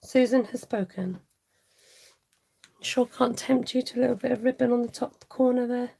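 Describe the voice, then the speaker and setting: Chatty woman with a gravelly, husky voice. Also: a little high, steady tone, moderate pace, dark tone, low-quality recording. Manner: chatty, laughing, reads viewer comments aloud. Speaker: stamping craft demonstrator. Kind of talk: live-stream craft tutorial chat.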